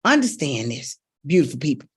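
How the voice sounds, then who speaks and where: A middle-aged woman, a vocal coach, gives an emphatic coaching talk directly to her audience. She is very animated and brisk, with a breathy edge and sudden leaps up in pitch.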